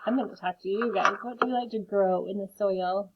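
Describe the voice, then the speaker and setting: Speaking a little fast against some background noise, this mid-range female voice leads kids through phonics. Words get carefully sounded out, with warm, chatty side comments along the way, and the audio has a lo-fi, phone-like quality.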